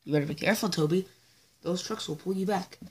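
A woman's voice: fairly low pitch, fast, very noisy, natural voice. A woman voicing a confident, cheerful young male engine who is self-assured and encouraging. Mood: urgent.

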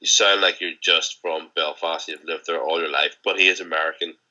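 A man's voice: sits low, steady tone, fairly quick, bright, forceful tone. A young man co-hosting a podcast, rambling and teasing in casual banter and swearing freely. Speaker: podcast co-host. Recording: dull lo-fi podcast audio.

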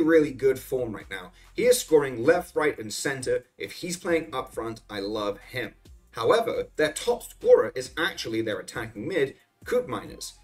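Chatty, higher-voiced man giving betting picks. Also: a little mellow. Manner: chatty, loose, with frequent fillers and self-corrections. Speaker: sports betting analyst host. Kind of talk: casual solo picks rundown.

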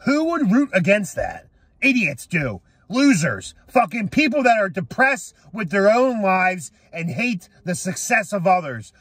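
Young guy ranting mad about his team, yells a lot, high pitched, dry close mic. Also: husky, no echo. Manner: angry, shouting, swearing. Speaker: sports fan vlogger. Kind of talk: profane rant to camera.

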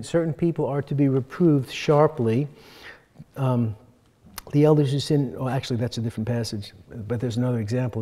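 A man teaching a workshop with earnest emphasis. His voice sits fairly high yet sounds mellow and warm. The sound rings with long reverb in a conference hall. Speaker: workshop speaker.

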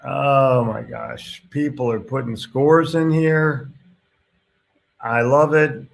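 A man's voice: mid-range voice, fairly even intonation, takes it slowly, creaky, slight background noise. A man hosting a casual live stream, reading viewer comments aloud and reacting to them in a blunt, chatty way with casual swearing.

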